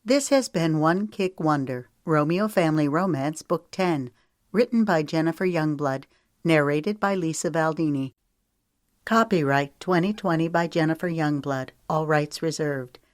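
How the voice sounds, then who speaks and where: Scripted romance narration comes from a woman with a low voice who tells the story smoothly, at an even, measured pace. Sitting near a studio mic, she records in a dead, dry space with no echo at all.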